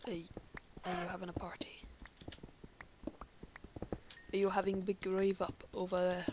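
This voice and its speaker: A woman's voice: medium pitch, completely flat delivery, a little fast, noisy background. English woman muttering gameplay commentary. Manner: chatty, muttering half-whispered asides to herself. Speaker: Minecraft player.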